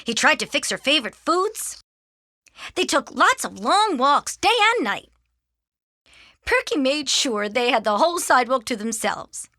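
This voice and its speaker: Expressive woman reading a storybook. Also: high-pitched, unhurried, no echo, studio quality. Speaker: audiobook reader. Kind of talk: storybook narration.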